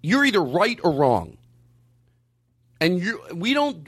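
A man ranting in a heated conversation, emphatic and argumentative, sometimes rising to near-shouting. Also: high voice, sing-song, slow, breathy edge.

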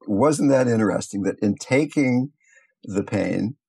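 An older man teaching meditation, telling stories in a calm, unhurried, reflective way. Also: lowish voice, vocal fry, husky. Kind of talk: teaching talk with storytelling.

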